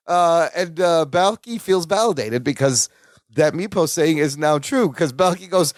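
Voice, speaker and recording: A man co-hosting a casual podcast, his voice sitting high with wide, lively swings. He acts out the characters' lines as he recaps a sitcom episode. The sound is close and dry. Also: moderate pace, dry recording. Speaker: podcast co-host.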